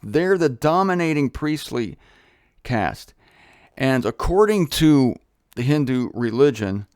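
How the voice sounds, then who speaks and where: A man hosting his own show, teaching in a casual, chatty way with jokey asides and animated emphasis. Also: medium pitch, no room sound, studio quality. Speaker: host. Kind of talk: casual solo Bible teaching talk.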